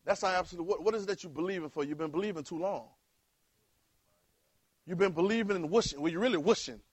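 A male preacher, delivering a sermon in call-and-response style that rises to loud exhortation. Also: high-pitched, fast, no room sound.

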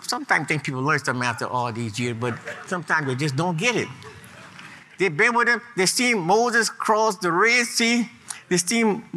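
A man preaching a sermon in an animated, repetitive way, stumbling through restarts and rising to emphatic peaks. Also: high voice.

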